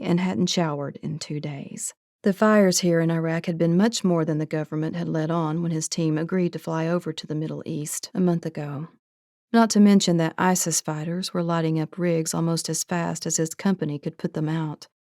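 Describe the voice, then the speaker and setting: A woman narrating an audiobook in a steady, even storytelling manner. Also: low-pitched, dry recording, clean studio sound. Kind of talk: scripted narration.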